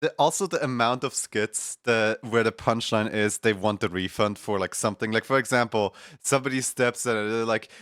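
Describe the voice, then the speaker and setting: A man's voice: lowish voice, normal speed, few pauses, a bit bright, no room sound, studio quality. A man streaming live, casually retelling funny skits with lots of fillers and chuckles. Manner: rambling, chuckling storyteller with many fillers.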